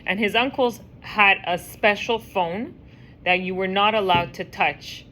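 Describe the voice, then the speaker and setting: Woman teacher telling a lively story. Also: mid-range voice, a little slow, a little hiss or hum. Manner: lively storyteller who acts out voices. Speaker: teacher leading a women's class. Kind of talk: casual storytelling lesson.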